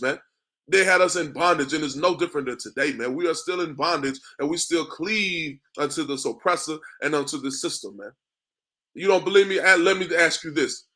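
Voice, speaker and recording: A man's voice: on the high side, bright, forceful tone. A man preaching a street sermon to a class. He talks conversationally, drops in "man" and "bro", and keeps asking "you understand me?". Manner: repetitive, asks "you understand me?" often.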